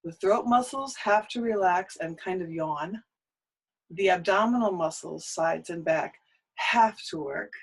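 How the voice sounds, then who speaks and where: A woman leads a voice lesson, explaining each warm-up exercise and then cueing students with quick prompts. She keeps a friendly teaching tone. Between rounds she sounds short of breath. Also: fairly low pitch, breathy edge, rough recording. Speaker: singing teacher.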